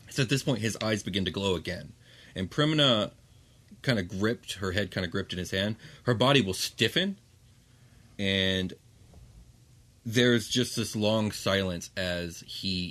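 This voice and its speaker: Low-voiced man narrating a tabletop game. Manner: relaxed narration with frequent "um" pauses. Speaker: game master.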